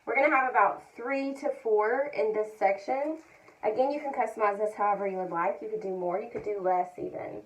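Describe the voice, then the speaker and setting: A woman giving a calm, methodical step-by-step tutorial, narrating each move and repeating her key points. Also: mid-range voice, a little fast, rough recording. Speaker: hair color educator.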